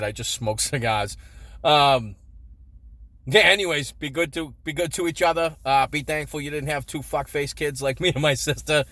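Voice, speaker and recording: A man's voice: medium pitch, a bit bright, no echo. A man in his forties telling childhood stories in a casual, crude way, swearing and chuckling often. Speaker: storyteller. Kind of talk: casual storytelling vlog.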